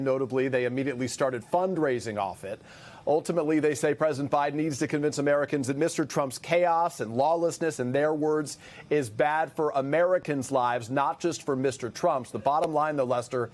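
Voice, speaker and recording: A man reporting as a network news correspondent, measured and slowing down when quoting statements. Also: a little high, a little mellow. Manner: measured, slows to quote statements.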